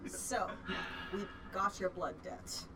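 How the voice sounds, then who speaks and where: A woman's voice: mid-range voice, steady tone, slow pace, background noise. A woman playing a tabletop role-playing game, eager and insistent as she argues with the game master. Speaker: player.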